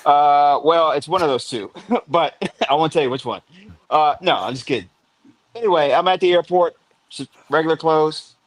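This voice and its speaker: A man's voice: on the high side, normal speed. A man hosting a late-night call-in panel, telling stories in a joking way and laughing as he talks. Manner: jokey storyteller, laughs through his lines. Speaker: host. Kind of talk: casual call-in chat.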